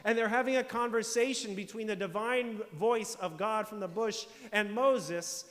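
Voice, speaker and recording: A high-pitched man delivers a sermon as pastor, his voice trailing off into a long church reverb. He explains scripture with emphatic, building declarations and rhetorical questions. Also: moderate pace, a bit bright. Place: church sanctuary.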